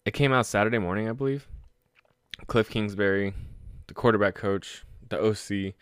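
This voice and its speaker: Solo sports host, male, deep voice, dry close-mic sound, loose and profane. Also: moderate pace, smooth, no room sound. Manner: excitable, swears freely, laughs at own stories. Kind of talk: casual solo sports talk.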